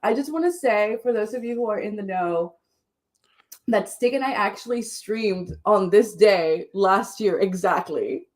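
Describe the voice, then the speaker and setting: A woman's voice: mid-range voice, a little slow. A young woman from Chile hosting a casual livestream writing sprint, bubbly and gushing, laughing often.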